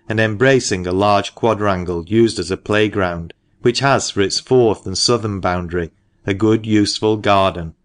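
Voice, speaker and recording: A man with a lowish voice reading a classic audiobook. His narration is measured and even, delivered steadily.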